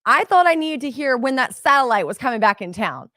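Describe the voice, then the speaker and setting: A middle-aged woman coaching her audience in an animated, chatty motivational talk. Her voice sits a little high, and it is recorded dry, with no room echo. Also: a little fast. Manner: animated, chatty, addresses audience as "you guys".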